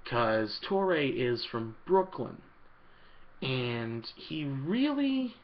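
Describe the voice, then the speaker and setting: A man's voice: mid-range voice, big pitch swings, extremely slow, muffled recording. A man answering viewer questions in a casual, rambling vlog, with lots of ums and uhs.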